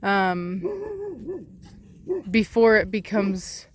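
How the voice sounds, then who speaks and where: A woman with a Texan accent, a dog breeder, chatting in a casual outdoor vlog and calling to her dogs in a high sing-song voice. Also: sing-song, extremely slow. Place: outdoors in a rural yard. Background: dogs barking and rural ambience.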